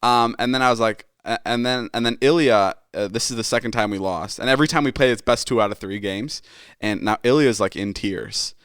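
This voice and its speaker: Young male podcast host with a smooth voice and a dry sound, telling a profane, animated story. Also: medium pitch, brisk, no room sound. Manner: animated and profane, acts out friends' lines. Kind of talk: casual storytelling.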